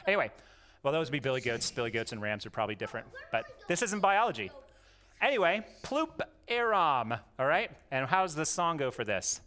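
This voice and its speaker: A homeschooling father talks fast and very animatedly, his medium-pitched voice bright and forceful. Goofy and coaxing, he gets his young daughters to repeat words during a playful lesson, joking as he goes.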